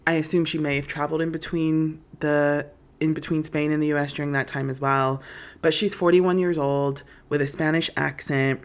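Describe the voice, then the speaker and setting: A woman hosting a solo commentary podcast, sassy and incredulous, talking straight to her audience. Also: low voice. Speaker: podcast host.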